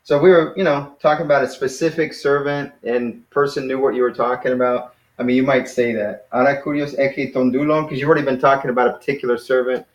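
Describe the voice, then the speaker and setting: A man's voice: mid-range voice, quick pace, hardly any pauses, muffled recording. Easygoing man teaching in an echoey room. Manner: relaxed, encouraging, says "man" and laughs. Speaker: Greek teacher. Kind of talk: casual one-on-one language lesson.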